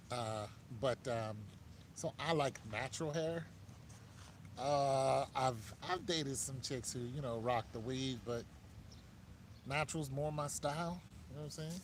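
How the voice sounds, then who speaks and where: American guy riffing on dating advice, kinda high voice, chill and jokey, faint hiss behind. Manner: laid-back, joking, talks straight to the listener. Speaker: host giving dating advice. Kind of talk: casual monologue.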